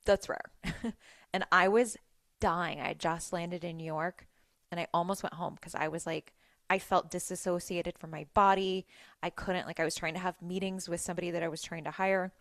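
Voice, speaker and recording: Woman podcast host, low-pitched, talky and animated, dry close sound. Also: moderate pace, no room sound. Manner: chatty, animated, lots of "like"s, laughs often. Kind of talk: casual solo storytelling.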